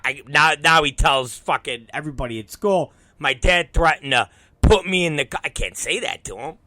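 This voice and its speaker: A man's voice: a little high, moderate pace, dry recording. A man hosting a show, telling a profane comic story and acting out the quoted dialogue. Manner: animated, acts out quoted dialogue, heavy swearing. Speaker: show host.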